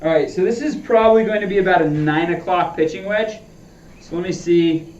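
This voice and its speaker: His voice sits high, with a darkish tone and a slightly quick pace, as he chats casually to his stream while practicing golf and talks himself through the swings. The recording has a distant, roomy, dull lo-fi quality.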